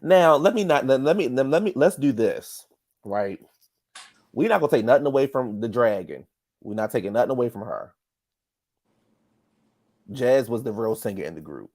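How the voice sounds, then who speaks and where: A man's voice: medium pitch, animated, moderate pace, pauses often, a little mellow, no echo, clean studio sound. A man co-hosting a casual podcast chat, insistent and teasing, repeating himself for emphasis. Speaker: podcast co-host.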